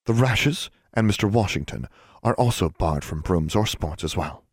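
A man's voice: low voice, lively intonation, normal speed, breathy edge, dry recording, clean studio sound. Man voicing a cold stern female dean. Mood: cold, menacing. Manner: icy, quiet and menacing, clipped commands.

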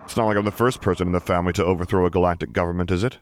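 A man voicing a cocky, wisecracking young adult rebel who talks quickly and casually. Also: low voice, steady tone, slight background noise, lightly acted. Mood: wry.

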